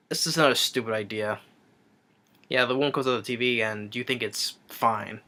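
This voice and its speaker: A man's voice: medium pitch, fairly even intonation, normal speed, pauses often, sharp tone. A man giving a rambling, sarcastic movie review rant, recapping the plot with frequent restarts.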